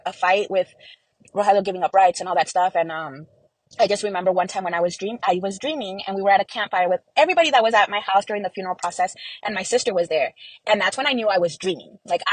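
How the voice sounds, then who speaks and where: A woman's voice: medium pitch, no room sound, low-quality recording. A woman speaking as an interview guest in a casual, emotional way, with many "like" and "you know" fillers.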